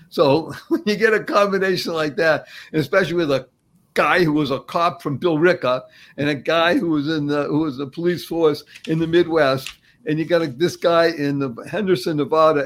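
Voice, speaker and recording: Male host, motivational, enthusiastic, repeats key phrases, slightly high voice. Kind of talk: upbeat motivational talk.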